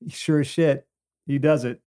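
A man co-hosting a podcast, talking bluntly about a movie with frequent swearing and quick interjections. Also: medium pitch, steady tone, mellow. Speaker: podcast co-host. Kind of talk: casual movie discussion.

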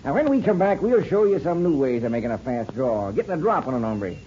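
Vince, a man playing a sly smooth-talking outlaw. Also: medium pitch, very animated, fast, dark tone, a little hiss or hum, lightly acted. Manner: folksy western drawl, wheedling. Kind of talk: 1950s radio drama acting. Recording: dull lo-fi old radio broadcast.

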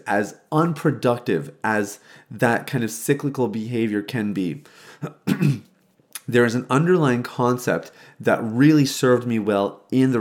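Speaking from the bedroom he grew up in, a faith-based recovery speaker in his thirties shares his personal recovery story. He has a mid-range voice and a reflective, conversational manner, frequently starting his thoughts over.

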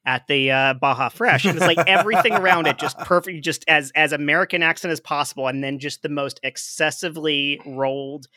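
A man co-hosting a casual podcast chat, halting and full of fillers. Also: on the high side, pushed and bright, dry recording, studio quality.

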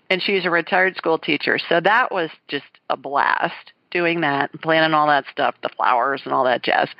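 Middle-aged female host, warm chatty enthusiasm, dry muffled close mic. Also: fairly low pitch, no room sound. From US South. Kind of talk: casual chat.

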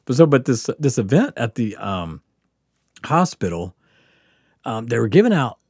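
Podcast guest, man from the Gulf Coast: lively, profane storyteller, swooping pitch, dead-dry sound. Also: moderate pace, slightly rough, no echo. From Mississippi Gulf Coast. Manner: animated, profane, laughing storyteller. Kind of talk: casual storytelling.

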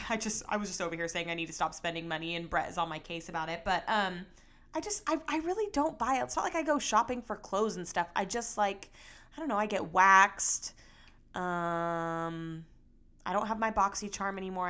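Bright, chatty young woman podcaster. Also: fairly low pitch, brisk. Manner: chatty, rambling, animated with bursts of emphasis. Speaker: podcast host. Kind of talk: casual solo podcast chat.

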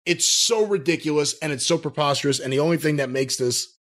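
A man's voice: a little high, brisk, fairly bright tone. A man co-hosting a podcast, talking in an incredulous, mocking and profane way. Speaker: podcast co-host. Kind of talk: casual podcast chat.

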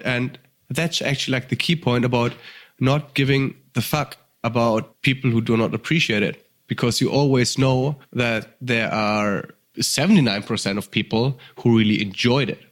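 A man with a German accent, a podcast guest telling stories in casual, animated chat, swearing and laughing, a little tipsy. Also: medium pitch, normal speed.

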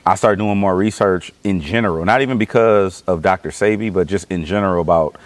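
A man from Los Angeles telling stories casually as an interview guest, animated and profane, acting out his own reactions. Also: low voice, fairly quick, no echo. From Los Angeles, California. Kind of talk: casual conversational storytelling.

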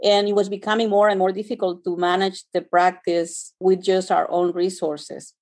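A woman physician answering interview questions in a conversational way, pausing often and searching for words. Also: medium pitch, little pitch movement, a little mellow. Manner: hesitant, searching for words with many fillers. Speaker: physician guest.

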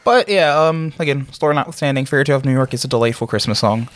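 A man's voice: medium pitch, fast talker, no room sound. A man co-hosting a podcast in casual chat, wry and profane. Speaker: podcast co-host.

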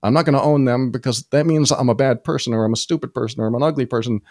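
A man co-hosting a casual podcast, telling personal stories in an animated way and acting out the people he quotes. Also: racing, no echo, clean studio sound. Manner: animated storytelling, acts out quoted people with sudden high pitch jumps. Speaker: podcast co-host. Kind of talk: casual conversation.

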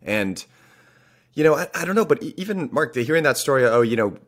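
A man's voice: mid-range voice, big pitch swings, fast. A young adult man hosting a podcast in a casual conversation, loose and searching for words, with lots of fillers. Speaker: podcast host.

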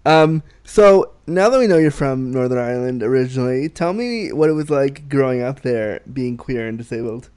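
A man's voice: mid-range voice, lively intonation, moderate pace, hardly any pauses, a little mellow, clear, resonant tone. A Canadian man hosting a podcast, chatting in an upbeat, rambling way with plenty of fillers. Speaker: podcast host. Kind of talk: casual podcast chat.

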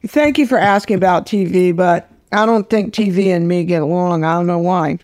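A woman's voice: on the low side, normal speed, darkish tone, no room sound, studio quality. Older woman director, blunt and salty, chatting through stories. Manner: blunt, salty, storytelling with laughs. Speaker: film director, guest. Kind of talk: casual interview chat.

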